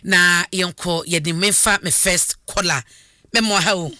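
A man hosting a call-in radio show, giving brisk prompts to callers. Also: high voice, fairly even intonation, background noise. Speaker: radio host.

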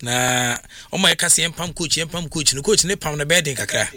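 A man's voice: fairly high pitch, a little fast, sharp tone. A Ghanaian man hosting a sports radio talk show, chatting loosely with many fillers.

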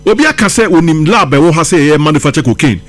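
A man calling in to a radio show, rambling and halting, with many fillers. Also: fairly high pitch, expressive, soft background music.

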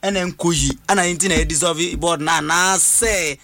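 A man's voice: on the high side, steady tone, normal speed, creaky, sharp tone, no echo. A man with a Ghanaian accent hosting a radio talk show, asking questions in a mix of Twi and English. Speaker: host.

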